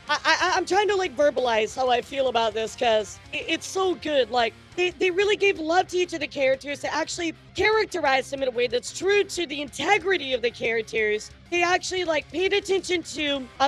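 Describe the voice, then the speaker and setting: A young woman reacting to a video as a vtuber. Her voice is very high, and she gushes excitedly, swearing freely as she talks to her chat. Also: moderate pace, hardly any pauses, soft background music.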